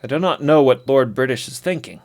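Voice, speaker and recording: A man doing a cocky old-timey swordsman, talks all formal with thee and thou, pitched in the middle. he's a bragging game trainer who never drops the fancy speech. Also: expressive, brisk, darkish tone, close to an everyday voice. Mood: grumbling. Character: proud boastful male sword trainer.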